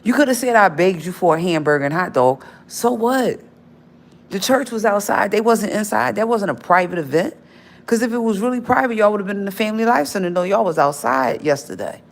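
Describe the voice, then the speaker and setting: A woman's voice: mid-range voice, a little fast, creaky. A woman on a phone livestream, ranting straight at an absent person in a confrontational, scolding, repetitive way. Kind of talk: livestream rant.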